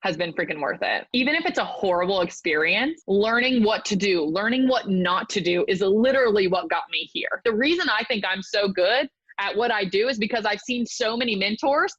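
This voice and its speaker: A young woman, a mental skills coach, chatting as a podcast guest in an animated, gushing way with lots of "like". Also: medium pitch, fairly quick, few pauses, husky, dry recording. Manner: animated, gushing, heavy use of "like". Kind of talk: casual interview chat. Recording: muffled dry lo-fi audio.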